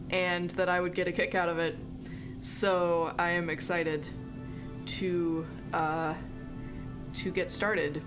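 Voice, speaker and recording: Upbeat woman game streamer. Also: mid-range voice. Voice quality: chatty and upbeat, greets chat viewers. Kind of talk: casual live-stream chat. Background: game music.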